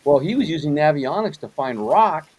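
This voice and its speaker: Husky, mellow-voiced man host. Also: a little high, lively intonation, normal speed, poor audio. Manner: loose, rambling, lots of fillers and backchannel. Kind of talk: casual interview chat.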